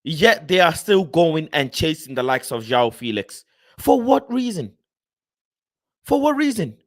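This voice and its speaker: A man's voice: a little high, very animated, unhurried. A young man ranting in a casual live stream about football, frustrated and swearing. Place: home room.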